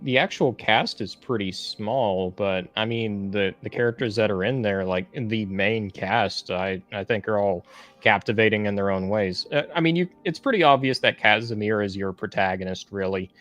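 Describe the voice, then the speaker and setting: A man co-reviewing comics in casual chat, speaking in a measured, thoughtful, analytical way. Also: lowish voice, a bit bright, faint music behind.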